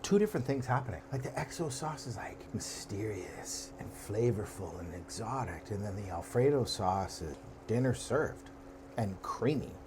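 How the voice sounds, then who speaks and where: A man's voice: lowish voice, expressive, moderate pace. A man hosting a casual cooking show, who talks through a recipe in a playful, jokey way and riffs off the dish as he goes. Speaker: host and cook. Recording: audible background noise.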